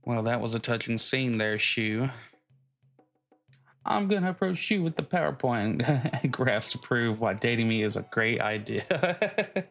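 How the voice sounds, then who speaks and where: A man's voice: medium pitch, expressive, measured pace, gravelly, long pauses, a bit bright, faint music behind. A man streaming a game live, joking about the story, laughing often and talking to his dog. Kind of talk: live gameplay commentary.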